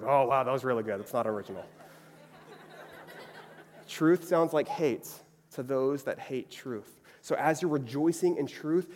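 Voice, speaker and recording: A man's voice: mid-range voice, darkish tone. A young adult man giving a conversational sermon, chatty and often checking in with the audience. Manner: chatty, frequently asks "right?". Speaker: preacher. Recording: long reverb of a hall.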